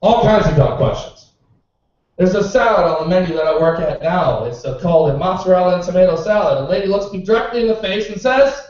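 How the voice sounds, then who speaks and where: A man tells sarcastic, profanity-filled stories about the customers he serves as a bartender in a stand-up set at a bar's open mic. He talks quickly in a high-pitched, slightly mellow voice with lively intonation, picked up by a distant, dull mic in an echoey bar room.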